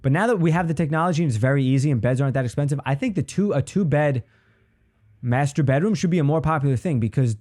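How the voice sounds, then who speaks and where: A man's voice: on the high side, fast, a little mellow. A man hosting his own podcast, delivering a rambling, profane comedic monologue.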